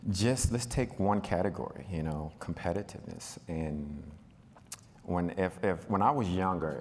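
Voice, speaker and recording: A man on a panel telling a personal story, talking in a relaxed, conversational way with a lot of fillers. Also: sits low. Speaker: panel speaker. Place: event hall. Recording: reverberant hall.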